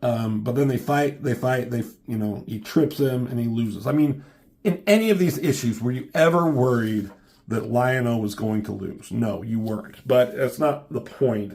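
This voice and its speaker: A man's voice: mid-range voice, creaky, a little mellow. A man giving a casual comic book review, rambling and joking with lots of swearing.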